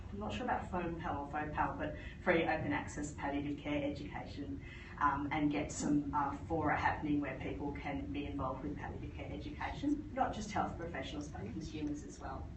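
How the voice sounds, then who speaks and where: Low-voiced woman in an echoey hall. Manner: lively anecdotal storytelling. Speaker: palliative care physician. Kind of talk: conference presentation. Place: conference hall. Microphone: phone recording from the audience. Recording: echoey hall from far off, noisy.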